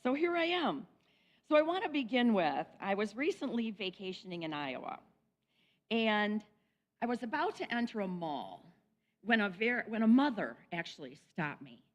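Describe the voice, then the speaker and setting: A woman's voice: medium pitch, very animated, normal speed. A woman guest speaker giving an upbeat, enthusiastic inspirational talk at a spiritual center. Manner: bubbly, enthusiastic.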